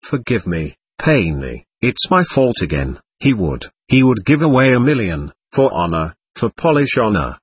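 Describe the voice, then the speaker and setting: A man's voice: lowish voice, sing-song, normal speed, hardly any pauses, breathy edge. A man reading the lines of an impulsive young male gambler in a storybook reading, speaking in bursts of exclamation. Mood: effusive. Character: hot-headed young Russian gambler, male.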